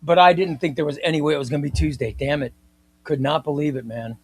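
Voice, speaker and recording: A man hosting a casual live comics stream, chatting with viewers and reading their comments in a playful, excitable way. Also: fairly high pitch, fast talker, breathy edge.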